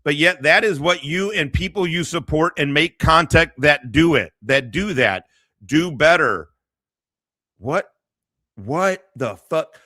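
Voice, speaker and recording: A man hosts a casual stream and rants in a crude, mocking way, laughing often. His voice is bright and fairly high, with lively jumps in pitch. The sound is dry and close, with no room echo. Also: takes it slowly. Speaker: streamer host. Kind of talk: profane casual livestream rant.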